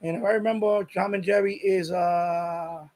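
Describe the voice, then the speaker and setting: Stream host, male, high-pitched voice, loose rambling chat that doubles back on itself and reads out viewer comments. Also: fairly even intonation, normal speed, darkish tone. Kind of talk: casual chat with live viewers.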